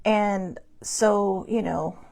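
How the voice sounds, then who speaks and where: A woman's voice: medium pitch, fairly even intonation, very slow, creaky, darkish tone. A woman hosting a live stream, talking in a rambling, chatty way, blunt and upbeat, laughing often. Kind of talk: casual chatty monologue. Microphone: phone or webcam on a live stream.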